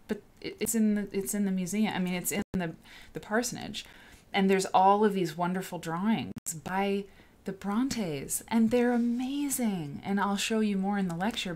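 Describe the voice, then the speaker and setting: A woman hosting a casual livestream, chatty and rambling, greeting viewers in the chat by name. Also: mid-range voice. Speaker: host.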